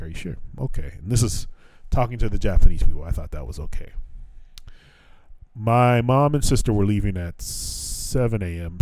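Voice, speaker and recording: With a lowish, slightly mellow voice, a podcast host from the United States in his thirties tells an extended travel story, swearing often, laughing and reenacting quoted dialogue from both sides. The chat is casual and the recording dry.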